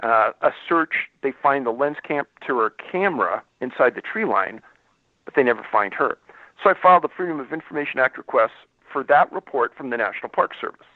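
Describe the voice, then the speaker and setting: A man's voice: mid-range voice, lively intonation, a little fast, no room sound. A man, a former law enforcement investigator, telling a story as a radio interview guest and acting out the dialogue. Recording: dry, tinny phone line.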